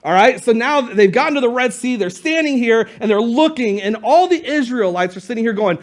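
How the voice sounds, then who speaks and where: A man's voice: very high-pitched, animated, a little fast, few pauses. A male pastor preaching a sermon to his church in a casual, conversational way, retelling stories with playful asides.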